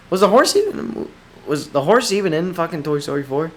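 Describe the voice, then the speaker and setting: A man's voice: a little high, very animated, fast. Profane, rambling young man ranting animatedly. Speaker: podcast host. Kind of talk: solo rambling podcast monologue. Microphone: desk microphone.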